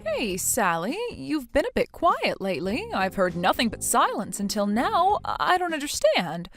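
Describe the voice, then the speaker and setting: A woman's voice: on the high side, wildly swooping pitch, a little slow, a bit bright, faint music behind, heavily acted. A synthetic female voice playing an indignant friend who scolds with pointed questions. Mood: accusing. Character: indignant woman friend, accusing and shrill.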